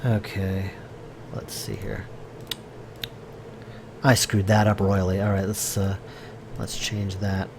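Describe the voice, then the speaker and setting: Slow, monotone, and gravelly, a low-voiced game developer pauses often as he works live on stream against background noise. He casually rambles through his thoughts with fillers and restarts, replying to viewers in chat.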